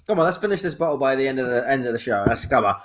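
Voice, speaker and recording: A man's voice: medium pitch, animated, rapid-fire, background noise. A man hosting an improvised comedy livestream, reading out suggestions in a playful, rambling way. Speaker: improv show host.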